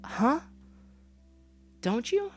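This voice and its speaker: A woman's voice: a little high, big pitch swings, extremely slow, soft background music, voice pushed up, heavily acted. A man voicing a shy, sweet young woman coworker who stammers timidly, reading a game aloud.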